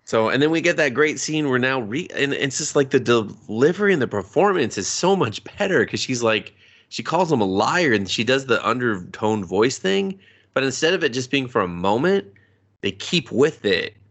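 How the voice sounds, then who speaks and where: A man's voice: medium pitch, normal speed. A man co-hosting a podcast, recapping an anime episode in casual, profane chat and acting out the characters' lines. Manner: profane, animated, acts out quotes. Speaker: podcast co-host.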